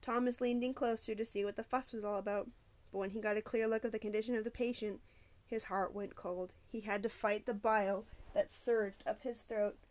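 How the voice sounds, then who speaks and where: A woman narrating a novel aloud with steady storytelling and occasional small slips. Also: mid-range voice, brisk. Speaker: audiobook narrator.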